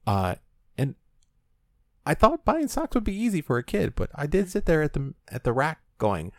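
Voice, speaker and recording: A man's voice: a little high, huge pitch swings, normal speed, dry recording, studio quality. A man in his thirties co-hosting a podcast, chatting casually and teasing his friends with jokes. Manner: joking, teasing banter. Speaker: podcast co-host. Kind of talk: casual chat.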